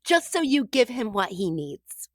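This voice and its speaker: A woman co-hosting a comedic radio show in a studio, playful with deadpan jokes. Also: on the high side, unhurried, no room sound.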